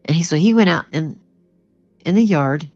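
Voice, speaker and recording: A woman's voice: deep voice, expressive, moderate pace, a little mellow. An older woman telling a personal story as a guest, earnest and plainspoken, with lots of "you know" in her talk. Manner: earnest, plainspoken, conversational with many you-knows. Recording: dull lo-fi sound with faint music.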